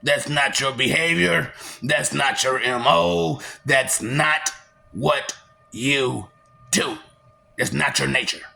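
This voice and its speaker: A woman's voice: rumbling low, takes it slowly, gravelly, pushed and bright. A woman delivering a confrontational monologue in a taunting, mocking, preachy way.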